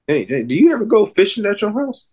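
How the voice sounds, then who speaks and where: A man's voice: high-pitched, sing-song, fast, darkish tone, breathy edge. A young man co-hosting a casual podcast, talking in a loose, rambling way with many fillers and restarts. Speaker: podcast co-host. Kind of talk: casual chat.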